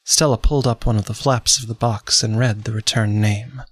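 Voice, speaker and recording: A man giving dramatic, measured scripted narration for a radio drama. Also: lowish voice, steady tone, dry recording.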